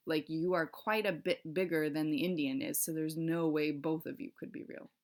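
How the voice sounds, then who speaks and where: A woman's voice: deep voice, moderate pace, hardly any pauses. A woman teacher reading a novel aloud to her class, with short explaining asides. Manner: steady storytelling with classroom asides.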